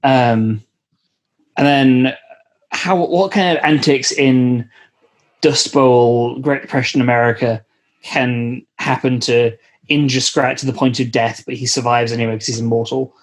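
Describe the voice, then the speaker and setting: A man's voice: medium pitch, fairly even intonation, unhurried. A man co-hosting a comedy podcast, riffing casually with lots of fillers and jokes. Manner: rambling, joking, many fillers. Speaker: podcast co-host.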